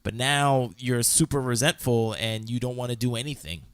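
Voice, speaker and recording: A man's voice: mid-range voice, moderate pace, no room sound. A man in casual podcast chat, speaking hesitantly with many restarts and laughs.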